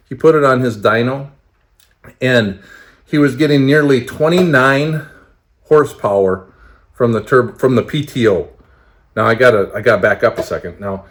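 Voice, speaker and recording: Male vlogger, casual and eager, repeats points and checks in with viewers. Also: mid-range voice. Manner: enthusiastic, repetitive, keeps adding "okay?" and "right?". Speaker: tractor channel host. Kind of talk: casual enthusiastic equipment talk to camera. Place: garage.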